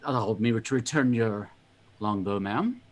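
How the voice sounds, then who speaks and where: A man's voice: on the low side, a little slow, a little hiss or hum, voice pushed down, close to an everyday voice. Man voicing a courteous ranger archer. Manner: polite, old-fashioned courtesy.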